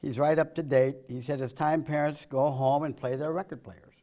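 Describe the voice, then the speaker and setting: A man with a slightly higher than usual voice giving a joke-filled political speech. He delivers one-liners, chuckles at his own punchlines, and drops from loud jabs to low asides. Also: steady tone, moderate pace. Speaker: political speaker.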